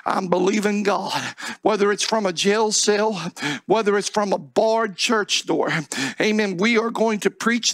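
A male pastor preaching a fervent sermon prayer, shouting and crying out with repeated pleading refrains. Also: sits high, a little slow, dry recording.

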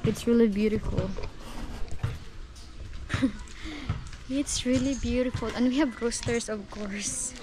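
A woman's voice: on the high side, steady tone, slow pace, pauses often. A young woman with a Filipino accent, chatting upbeat to viewers as she tours her mountain farm on a handheld phone. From Philippines. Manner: chatty, upbeat, often addresses viewers as guys. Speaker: vlogger. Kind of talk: casual vlog tour. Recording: noisy outdoor phone recording.

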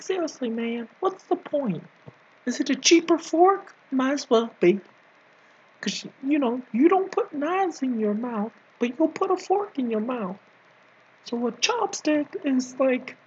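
A man, a video creator, goes full character voice, very high, on lo-fi audio. He improvises a rant as a scolding, bossy nanny, teasing and rambling and now and then slipping into whispers.

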